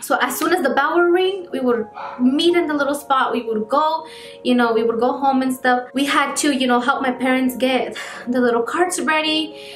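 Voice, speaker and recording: A woman's voice: high-pitched, moderate pace, fairly bright tone. A woman in her twenties telling a personal story to her vlog audience in a chatty, casual way, full of fillers. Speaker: vlogger. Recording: echoey room.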